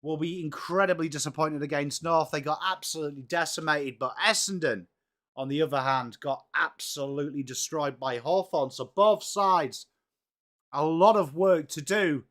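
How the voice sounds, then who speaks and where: A man's voice: a little high, normal speed, a bit bright. An English man hosting a live football watchalong stream, chatting casually and greeting viewers by name in an upbeat way. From England. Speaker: livestream host of a football watchalong.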